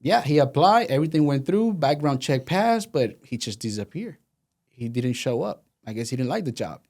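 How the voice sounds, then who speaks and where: Man, 30s, Venezuelan Spanish accent, casual storytelling, animated. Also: mid-range voice, normal speed. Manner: animated, acts out quoted voices. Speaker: guest.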